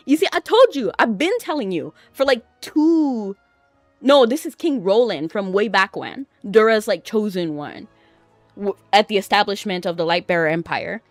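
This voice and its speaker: Chatty, excitable woman game streamer. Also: medium pitch, no echo. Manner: chatty, excitable, laughs often. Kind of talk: casual gameplay commentary.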